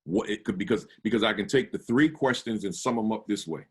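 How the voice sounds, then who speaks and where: A man's voice: lowish voice, a little fast, husky. A man giving a staff orientation talk, earnest and full of rhetorical questions, often repeating his words as he goes. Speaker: school administrator leading staff training.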